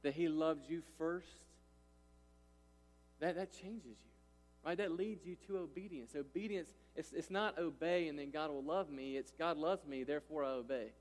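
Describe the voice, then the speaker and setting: A man in his thirties delivers a sermon in a slightly high voice. He is emphatic and keeps checking that listeners follow him. The sound rings with long reverb from a large hall. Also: normal speed. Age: 30s. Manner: emphatic, repeats "right?" and "listen" to engage listeners. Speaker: pastor.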